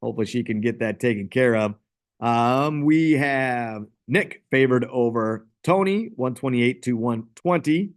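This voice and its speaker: A man's voice: medium pitch, a little slow. A man hosting a casual fantasy football league recap, rambling and self-deprecating.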